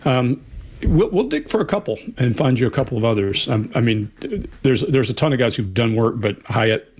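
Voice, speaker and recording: A man's voice: medium pitch, lively intonation, normal speed, a little mellow. A man co-hosting a live Q&A on body language, speaking earnestly and repeating points for emphasis. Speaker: co-host, body language expert. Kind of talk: live Q&A chat.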